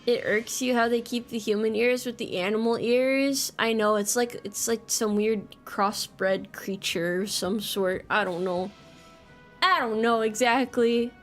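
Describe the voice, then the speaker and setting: A woman's voice: fairly high pitch, faint music behind. Joking, swearing woman streamer. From United States. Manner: joking, rambling, swears freely, quick laughs. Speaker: VTuber streamer. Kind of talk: casual livestream chat.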